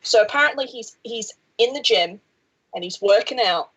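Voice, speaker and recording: A woman's voice: fairly high pitch, normal speed, husky, rough recording. A woman co-hosting a podcast in casual chat, telling stories with lots of swearing. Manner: swears freely, animated storyteller. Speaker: podcast co-host.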